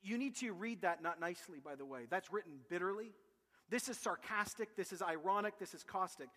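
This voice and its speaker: A man preaching a sermon as pastor, animated and emphatic, with vivid comparisons. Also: high voice, a little fast, big-room sound.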